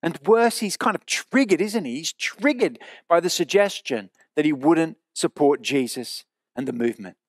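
Man preaching earnestly, fairly high voice. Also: lively intonation, no room sound, studio quality. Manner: earnest, emphatic, with slowed repeated phrases. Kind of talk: sermon. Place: church.

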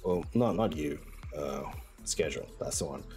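A man's voice: very deep voice, animated, moderate pace, a little mellow. A man streaming a game and chatting loosely with viewers, swearing freely and rambling through frequent restarts and fillers. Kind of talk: casual stream chat. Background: faint music.

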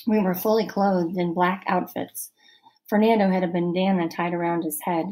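A woman reading a children's novel aloud as a first-person narrator, steady and expressive. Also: fairly low pitch, normal speed, rough recording. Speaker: audiobook narrator.

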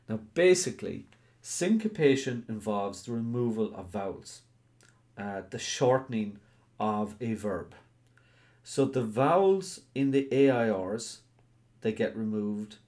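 Irish man teaching a live class. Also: medium pitch. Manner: explains step by step, asks the class questions; answers chat questions by name. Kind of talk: live online grammar lesson.

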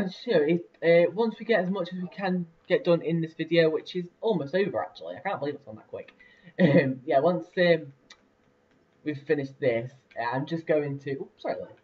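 Chatty young gamer, distant lo-fi mic. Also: male voice, a little high, normal speed. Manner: chatty, rambling, lots of fillers and laughs. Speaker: let's play host. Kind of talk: casual gameplay commentary.

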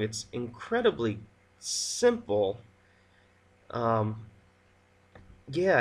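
A man giving a blunt, sarcastic solo review, stretching out words for effect. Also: mid-range voice.

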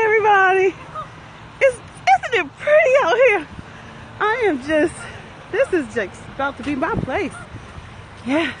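Out on a pond-side walking path, a middle-aged investment coach and vlogger chats into her phone for a live-streamed walk, short of breath but upbeat and encouraging herself. Her voice sits high, and the background is noisy.

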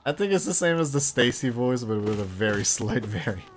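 A man streaming a game and chatting with a friend, his pitch sitting in an ordinary middle range. He talks in a loose, easygoing way, half to himself, with the odd curse thrown in. A faint hiss sits under his voice. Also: fairly quick. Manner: relaxed, mumbling to himself, swears casually. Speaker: streamer host. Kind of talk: casual gameplay chat.

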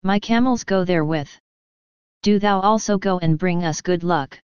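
A woman's voice: lowish voice, moderate pace, darkish tone, clean tone, no room sound, lo-fi sound, close to an everyday voice. A woman voicing a bitter male merchant agent who grumbles as he talks. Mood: grumbling.

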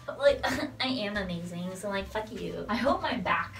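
A woman's voice: medium pitch, lively intonation, moderate pace, vocal fry, fairly bright tone. A young woman rambling to her camera in a dorm room at night, giggly and profane, tired and with a cracking voice. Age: young adult. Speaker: vlogger. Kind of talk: casual rambling vlog. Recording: distant camera with faint music.

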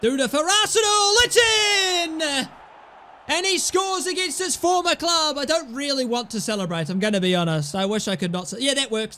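A young man commentating his own football video game, swinging from low muttered asides to excited yells at the screen. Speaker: gaming YouTuber. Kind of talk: live gameplay commentary.

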